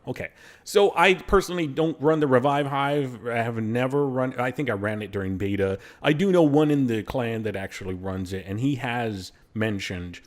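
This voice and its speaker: A man hosting a gaming channel, reading patch notes aloud in casual commentary, with blunt, sarcastic asides and slightly slurred diction. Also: lowish voice.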